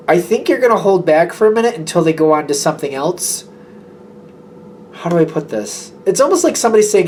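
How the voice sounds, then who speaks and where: Male tarot reader with a somewhat high voice, chatty and meandering, slight background hiss. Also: big pitch swings, brisk, a little mellow. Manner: chatty, rambling, acts out imagined dialogue. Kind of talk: casual tarot reading monologue.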